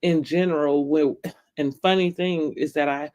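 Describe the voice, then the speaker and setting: A woman's voice: low-pitched, fairly even intonation, normal speed, mellow. Chatty opinionated woman recapping a show. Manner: chatty and opinionated, laughs often, addresses viewers as y'all. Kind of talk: casual TV recap chat to viewers.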